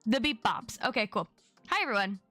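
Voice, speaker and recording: A woman's voice: fairly high pitch, big pitch swings, brisk, sharp tone, no echo, soft background music. A young adult woman chatting casually on her live stream, bubbly and chatty as she greets viewers by name.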